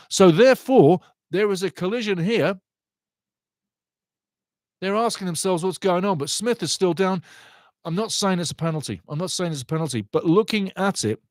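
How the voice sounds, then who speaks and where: A man giving passionate live football commentary, chatting to viewers and shouting when goals go in. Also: high voice, no echo. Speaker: football watch-along commentator. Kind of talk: excitable live match commentary.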